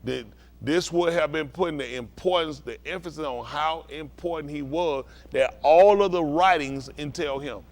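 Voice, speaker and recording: This man's voice is on the high side, moving at a moderate pace. He's a pastor teaching scripture in a call-and-response style, repeatedly checking that his listeners are following along.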